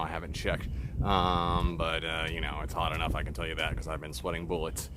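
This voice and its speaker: A man's voice: very deep voice, monotone, a little fast, background noise. A man out of breath on an outdoor trail, talking casually with many fillers. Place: outdoors on a hot park trail.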